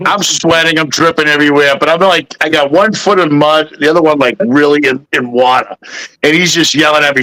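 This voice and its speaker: A man guesting on a podcast, telling a story in a loud, animated, casual way. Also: fairly high pitch, fairly quick, low-quality recording.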